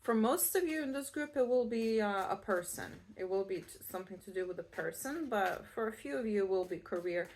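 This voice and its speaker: A woman's voice: medium pitch, animated, fairly quick, few pauses, darkish tone, a little hiss or hum. A Scottish woman giving a casual pick-a-card tarot reading, chatty and reassuring, with many fillers and restarts. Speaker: tarot reader.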